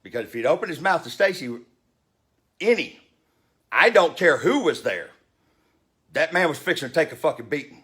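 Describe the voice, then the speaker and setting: Man in his fifties, blunt and profane, ranting with a lively, swinging voice in a fairly high register. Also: normal speed, long pauses. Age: 50s. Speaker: vlogger. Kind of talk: heated storytelling rant.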